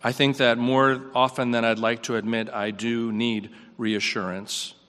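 A man preaching a sermon in a reflective, earnest way, his voice rising on questions and dropping soft. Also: mid-range voice, flat delivery, measured pace, smooth, big-room sound.

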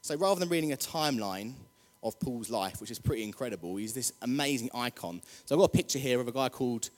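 A man's voice: mid-range voice, lively intonation, fast talker. A man preaching a casual, jokey sermon, chatty and rousing the congregation. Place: church hall. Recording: long hall reverb.

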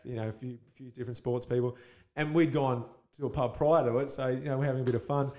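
A man's voice: medium pitch, steady tone, fast talker, warm tone. A man, a basketball player guest telling stories in casual chat, laughing often.

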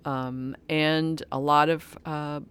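A person in their sixties giving a reflective spiritual talk, earnest and halting, often restarting and correcting themselves. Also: medium pitch, level tone, fairly bright tone, clean tone. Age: 60s.

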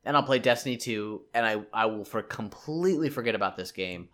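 A man's voice: lowish voice, lively intonation, fairly quick, fairly bright tone. A man in a casual gaming discussion, speaking emphatically with repeated demands.

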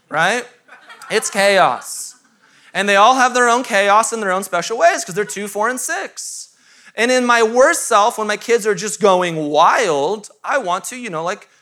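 A man in his thirties, a pastor with a high, bright, pushed voice, preaches to a live congregation. His sermon is conversational and self-mocking, with asides tossed to the room.

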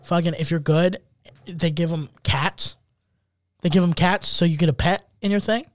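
Man, podcast co-host, casual chat, rambling, high voice, dry close mic. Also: moderate pace, no room sound. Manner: animated, rambling with many fillers.

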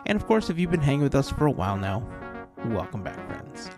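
A man's voice: medium pitch, big pitch swings, fast, over music. A man hosting a podcast, chatting casually and rambling through stories with many restarts. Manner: rambling, self-correcting storyteller. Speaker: podcast host.

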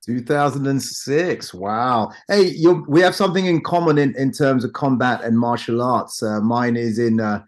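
A man hosts a business interview show, greeting his guest formally and drawing out key words for emphasis. His pitch sits in the ordinary male middle, and he asks questions in a measured, even way. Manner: formal welcoming intro with stretched emphasis. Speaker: podcast host and business coach. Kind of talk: interview hosting.

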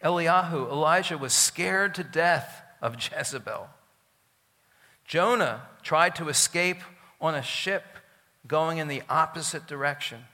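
A man, the pastor, preaching a sermon in an emphatic style, swinging from loud declarations to quiet asides, in a church sanctuary, recorded with long hall reverb. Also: a little high, unhurried.

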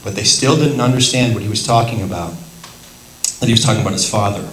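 A man leading a Bible study, teaching in a lively way, laughing often and acting out the voices he quotes. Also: fairly low pitch, fast, roomy sound, slight background noise, poor audio.

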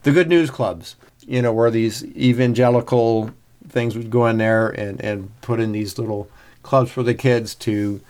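A man co-hosting a podcast in casual chat, relaxed and laughing often, with hesitant restarts. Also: medium pitch, unhurried. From Minnesota. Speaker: podcast co-host.

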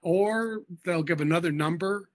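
A man's voice: high-pitched, unhurried. A man being interviewed as an education expert, explaining methodically and patiently with small hesitations.

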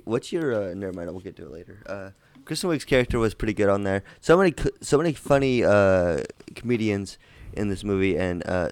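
A man's voice: deep voice, creaky, darkish tone, dry recording. A man co-hosting a casual movie podcast, loose and joking, often stumbling over his words. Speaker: podcast co-host.

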